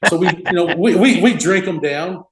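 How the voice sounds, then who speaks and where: Rambling, chuckling retired ballplayer, roomy sound. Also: male voice, high voice, moderate pace, crowd noise. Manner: rambling, full of "you know" and chuckles. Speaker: guest, retired baseball relief pitcher. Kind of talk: casual storytelling interview.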